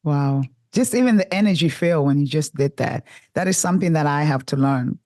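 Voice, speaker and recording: A woman's voice: deep voice, animated, fairly quick, dark tone, dry recording, studio quality. A woman hosting a podcast interview, responding with enthusiastic, affirming remarks. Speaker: podcast host.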